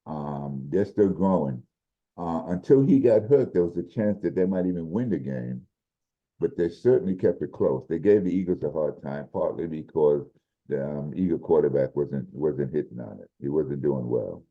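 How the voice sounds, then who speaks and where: A man co-hosting a sports podcast, casually breaking down football games in a measured way, restarting his sentences as he thinks. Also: rumbling low, lively intonation. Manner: measured, explains with repeated restarts. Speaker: podcast co-host, football analyst. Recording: dull lo-fi audio.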